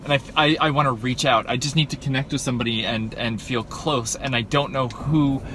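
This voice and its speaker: Shaken guy doing a video diary outside, keeps rambling and restarting, loud street noise behind. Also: medium pitch, fairly even intonation, fairly quick. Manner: anxious, rambling, restarting sentences. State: anxious and shaken. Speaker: video diarist.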